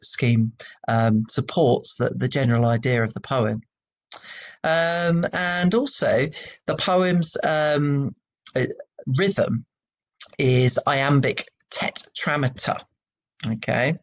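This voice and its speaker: A man teaching a class about a poem, speaking at a medium pitch. He talks loosely and conversationally, with many ums and restarts. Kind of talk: recorded classroom lesson.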